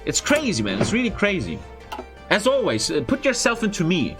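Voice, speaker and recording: A young man, a streamer, telling a story in casual, profane, expressive chat. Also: sits high, brisk, over music. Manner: profane, expressive, frequent swearing.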